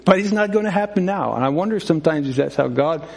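Man, middle-aged, preacher, sermon, storytelling with acted-out voices, self-questioning asides, slightly high voice. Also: expressive, quick pace, gravelly, few pauses.

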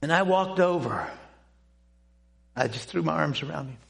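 An older man telling a personal testimony to a church audience, speaking in an earnest, halting way with pauses and restarts. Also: fairly high pitch, expressive, gravelly, a bit bright. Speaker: Christian speaker giving a testimony.

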